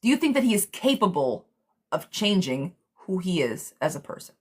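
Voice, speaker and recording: A woman hosting a casual live tarot reading for viewers. She talks bluntly and excitably, using pet names and swearing. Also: on the low side, moderate pace, breathy edge.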